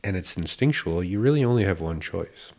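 A man hosting a podcast and explaining a practice in casual chat, playful and quick to laugh. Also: low voice, lively intonation, darkish tone. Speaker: podcast host teaching a practice.

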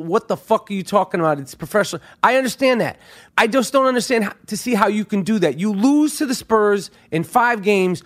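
A middle-aged man from New York who hosts a podcast, ranting about sports in a profane, worked-up comic way. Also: sits high. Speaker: podcast host. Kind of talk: comedic sports rant.

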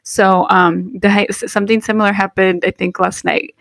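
A woman's voice: medium pitch, flat delivery, moderate pace, vocal fry, fairly bright tone, no room sound, clean studio sound. A woman in her thirties, co-hosting a casual podcast, chatty and thinking aloud with many fillers. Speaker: podcast co-host. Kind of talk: casual chat.

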